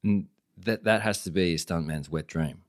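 A man hosting a casual podcast interview, reacting quickly, swearing and asking follow-up questions. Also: sits low. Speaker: podcast host.

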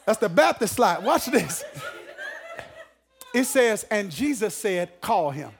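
High-voiced hollering preacher man. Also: takes it slowly, soft background music. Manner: animated, shouting and laughing, call-and-response with congregation. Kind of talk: sermon.

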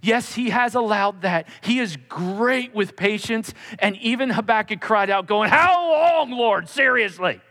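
A male pastor preaching a sermon, emphatic, dropping to a soft, intimate tone when he voices God speaking. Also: high voice, steady tone, unhurried, few pauses, in a large hall.

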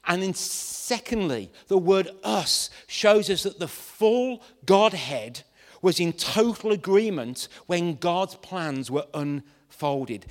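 A man preaching a lively sermon to a congregation, animated and playful, acting out scenes as he goes. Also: a little high, in a large hall.

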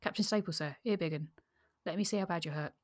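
A woman voicing a blunt, excitable adult male Bow Street Runner in a read-aloud passage. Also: on the low side, fast, natural voice. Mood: urgent. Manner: blunt, urgent exclamations.

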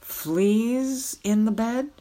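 A woman's voice: fairly high pitch, very slow, mellow, pitched above the performer's own voice. A woman voicing a bumbling, mournful older king-knight who whines and sighs. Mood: wistful eager. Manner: plaintive, whining, sighing.

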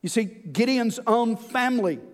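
A male pastor preaching a sermon in an earnest manner, slowing down to stress key lines. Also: very high voice, expressive, long reverb tail.

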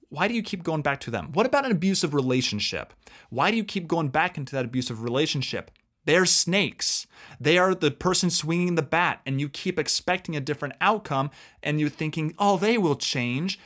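A man co-hosts a casual advice talk with an earnest, emphatic delivery. His voice sits a little high for a man, and he drives each point home like a lecture. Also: expressive, fairly quick, fairly bright tone. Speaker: co-host.

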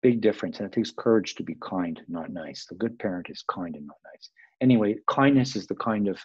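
A man's voice: lowish voice, animated, brisk, breathy edge, dry recording, dull audio. A man explaining mindfulness in a rambling, self-aware way, acting out little quoted voices. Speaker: interview guest.

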